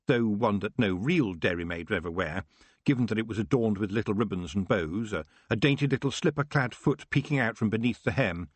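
Brief: male audiobook narrator, husky and low, lively pitch, dry close sound. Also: no echo. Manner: expressive storytelling. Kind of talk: scripted narration.

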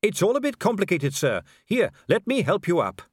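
A man's voice: sits high, wildly swooping pitch, moderate pace, slightly rough, no room sound, studio quality, pitched above the performer's own voice, exaggerated voice. A man voicing a cheerful, earnest young male watch captain who is polite and keeps saying sir.

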